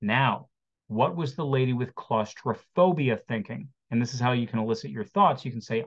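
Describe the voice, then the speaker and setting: Guy in his 40s doing a webinar pep talk, middle pitch, kinda dull lo-fi audio, lively, acts out little quotes. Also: normal speed. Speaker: therapist giving a webinar talk. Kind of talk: motivational talk to an online audience.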